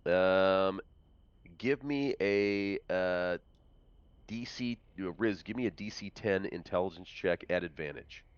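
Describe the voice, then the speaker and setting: Deep-voiced man running a tabletop game. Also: takes it slowly, clear, resonant tone, dry recording, lo-fi sound. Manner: relaxed, chatty, reads room descriptions aloud. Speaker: game master. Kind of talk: narrating a tabletop game online.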